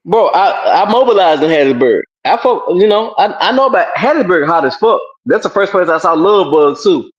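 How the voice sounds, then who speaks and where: Profane livestream host, lo-fi sound. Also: male voice, sits high, animated, normal speed, few pauses. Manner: loose, profane banter. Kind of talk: casual livestream chat.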